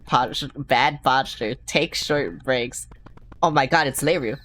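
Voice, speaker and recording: A woman's voice: a bass voice, slow, a bit bright, slight background noise. A woman streamer playing a game, making casual, joking remarks with swearing and laughing asides. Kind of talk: casual let's-play commentary.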